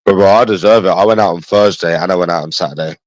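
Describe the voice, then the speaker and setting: A young man with a London accent talks casually to his livestream viewers. He is blunt and swears a lot, calling everyone bro. His voice sits low, and it is recorded dry and close. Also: fast, dry recording, poor audio. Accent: London English. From England.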